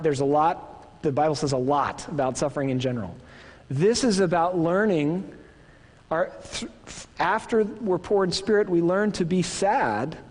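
A man in his thirties with a Midwestern accent, preaching a sermon in an earnest, conversational way and asking the congregation questions. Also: on the high side. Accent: Midwestern American. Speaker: pastor. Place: church hall. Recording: long reverb of a church hall.

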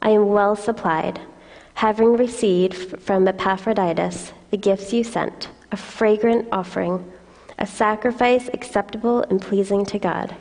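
A woman reading a scripture passage aloud in a church service, in a steady, measured way. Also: medium pitch. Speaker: scripture reader. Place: church hall. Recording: long reverb of a church hall.

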